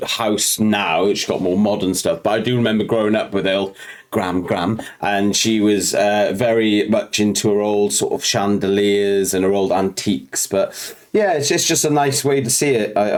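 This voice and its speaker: A man co-hosting a music reaction video, talking in a thoughtful, rambling way with lots of fillers. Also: on the low side. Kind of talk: casual reaction chat.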